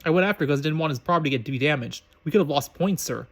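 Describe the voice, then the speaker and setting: A man's voice: fairly high pitch, animated, rapid-fire. Male reader voices a glib schoolboy wizard, casual and amused, in a storybook reading. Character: cocky young wizard boy, glib and amused.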